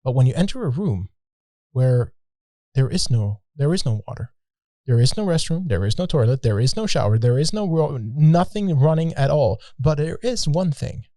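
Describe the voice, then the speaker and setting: A man's voice: medium pitch, sing-song, moderate pace, dark tone, dry recording, clean studio sound. A man, a podcast guest, telling a travel story in a casual, joking way with many restarts.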